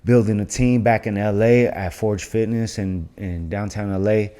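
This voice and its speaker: A man's voice: lowish voice, steady tone, normal speed, dark tone, clean tone. A young man co-hosting a podcast in casual chat, rambling along with heavy slang and swearing. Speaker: podcast co-host and fighter. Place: studio in Las Vegas.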